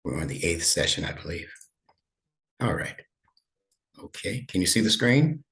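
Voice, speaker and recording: A man's voice: low-pitched, big pitch swings, normal speed, a bit bright. A man teaching an online lesson over a video call, patient and encouraging, praising his student often. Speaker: instructor.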